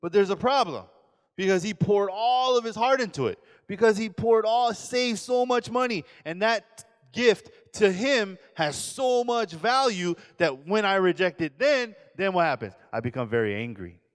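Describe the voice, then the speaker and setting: A man in his forties, a pastor giving a lively sermon lecture, acting out quoted voices and questioning his audience. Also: high-pitched, moderate pace, in a large hall. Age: 40s.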